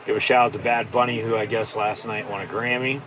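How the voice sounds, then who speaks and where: A man's voice: lowish voice, fairly even intonation, a little fast, crowd noise. A man hosting a live watch-along, giving profane, sarcastic, exasperated reaction commentary.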